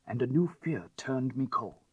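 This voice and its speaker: Husky expressive male audiobook narrator. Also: mid-range voice, a little slow, no room sound, lo-fi sound. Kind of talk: scripted narration of a classic tale.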